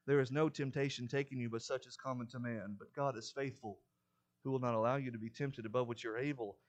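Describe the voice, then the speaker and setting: A man preaching a sermon in a church, building to loud, urgent warnings and dropping back to a quiet explanatory tone. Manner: emphatic, rises in pitch and volume to stress warnings. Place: church sanctuary.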